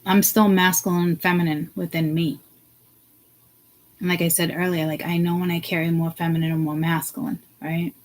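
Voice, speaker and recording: A woman vlogger ranting to her viewers, blunt and profane, swinging from hushed asides to loud outbursts. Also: fairly low pitch, level tone, normal speed, low-quality recording. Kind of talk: ranting to camera.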